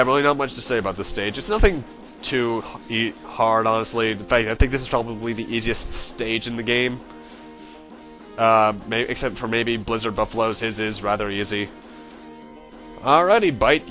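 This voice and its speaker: A man's voice: mid-range voice, moderate pace, bright, forceful tone, faint music behind. A man hosting a let's play, chatting casually about the game as he plays and often correcting himself mid-sentence. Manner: chatty and self-correcting, with frequent fillers. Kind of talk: casual gameplay commentary.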